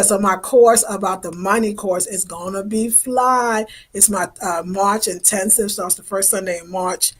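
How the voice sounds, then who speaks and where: Effusive woman in her fifties chatting. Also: medium pitch. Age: 50s. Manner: chatty, effusive, informal slang. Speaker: livestream host. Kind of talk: casual livestream chat reading viewer comments.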